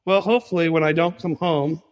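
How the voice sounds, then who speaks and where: A male pastor preaching a sermon in an animated way, acting out conversations as he teaches. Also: on the high side, fairly quick, big-room sound. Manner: animated preaching, acts out dialogue with Jesus.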